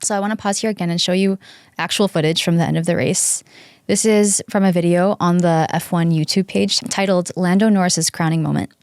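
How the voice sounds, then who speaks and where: Female podcast host, earnest fan recap, lower pitch, dry and close. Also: fairly even intonation, fairly quick, a little mellow, clear, resonant tone, no room sound. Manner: earnest, gushing fan retelling. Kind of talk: casual podcast chat and recap.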